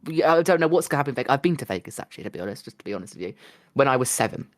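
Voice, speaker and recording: A man co-hosting a casual podcast chat, telling stories in an excitable, gushing way with lots of restarts. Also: mid-range voice, very fast, no room sound, studio quality. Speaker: podcast co-host.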